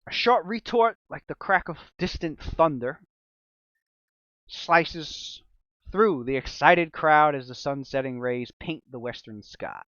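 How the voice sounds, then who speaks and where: A man's voice: fairly high pitch, expressive, slow, fairly bright tone, no room sound, highs cut off. A man running a tabletop game, switching between loose, profane chat and dramatic scene narration, laughing often. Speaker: game master.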